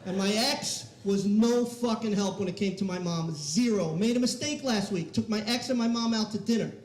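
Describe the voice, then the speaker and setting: A man with a very high voice works a stand-up set, brash, punchy and profane. His voice rings through an echoey comedy club room. The delivery is quick and confrontational. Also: darkish tone. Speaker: stand-up comic.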